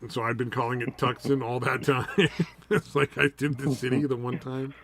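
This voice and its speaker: A man's voice: mid-range voice, fairly even intonation, moderate pace, vocal fry, fairly bright tone. A man co-hosting a podcast in casual chat, swearing freely and laughing often. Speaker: podcast co-host.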